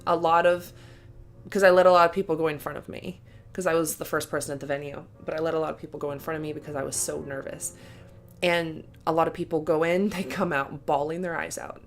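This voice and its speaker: A young woman tells a story in a casual vlog, her voice low with fairly even intonation as she talks fast over faint background music. She gushes emotionally, laughs between sentences, and leans heavily on "like" and "um."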